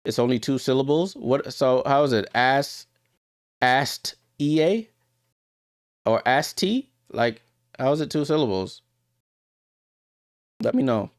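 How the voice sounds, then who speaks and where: A man's voice: mid-range voice, moderate pace, pauses often, no echo, clean studio sound. A man hosting a live watchalong stream, chatting with viewers and calling plays as they happen. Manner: chatty, talks straight to viewers, gets louder on big plays. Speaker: livestream watchalong host. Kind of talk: casual live game commentary.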